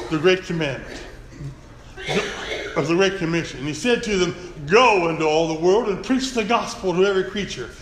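A man preaching a folksy, earnest sermon to his congregation. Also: high-pitched. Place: church sanctuary. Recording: echoey church hall, faint room noise.

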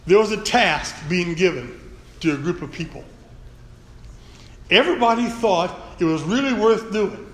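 A man's voice: high-pitched, animated, moderate pace, pauses often. A man preaching a folksy, earnest sermon to his congregation. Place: church sanctuary. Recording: echoey church hall, faint room noise.

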